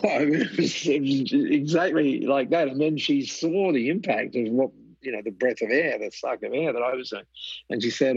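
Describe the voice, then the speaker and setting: A man with a husky, breathy voice tells a story as an interview guest. He brings it alive by acting out the people he quotes and laughs often. The sound is dry and dull, like a lo-fi recording. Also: medium pitch, normal speed, dry recording. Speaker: guest, mentor and author. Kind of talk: storytelling in a conversation.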